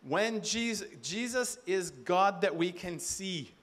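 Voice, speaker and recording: A man preaching from a conference stage, animated and full of rhetorical questions. He slips into quoted voices as he goes, and his voice sits high for a man. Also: slow. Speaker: conference speaker. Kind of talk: sermon.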